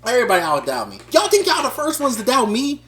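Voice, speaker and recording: A man improvising a boastful male rapper campaigning for president, talking about himself and rising to shouts. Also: extremely high pitch, wildly swooping pitch, quick pace, heavily acted. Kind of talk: improvised wrestling-style promo.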